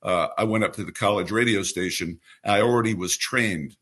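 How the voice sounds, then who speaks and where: Casting: older man in his 70s from New York, seasoned radio play-by-play voice, bright and clear, lowish pitch, relaxed storyteller. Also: normal speed. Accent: New York, mostly trained away. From New York City. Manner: relaxed anecdotal storyteller with a polished announcer delivery. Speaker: baseball radio broadcaster, guest. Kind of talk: storytelling interview answer.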